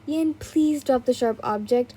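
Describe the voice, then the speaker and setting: A calm, reserved teen boy asks politely, as a woman reads him out. The voice is mellow and slightly husky. It is read as a plain storybook voice. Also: high-pitched, a little slow.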